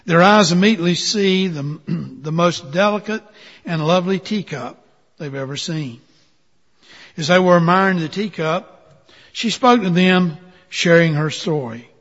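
A man telling a parable in a sermon, slow and deliberate. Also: high-pitched, fairly bright tone. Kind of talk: sermon storytelling. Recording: dull sound with long hall reverb.

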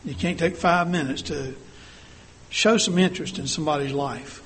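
A man's voice: a little high, moderate pace, fairly bright tone, breathy edge. An older man delivering an earnest sermon, asking the congregation many rhetorical questions. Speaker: church speaker.

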